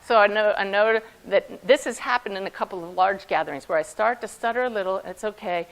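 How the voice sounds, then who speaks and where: Woman telling lively stories to an audience. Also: medium pitch, a little fast, poor audio. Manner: animated anecdotes with frequent laughter. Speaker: medium giving a talk. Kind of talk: storytelling talk to an audience.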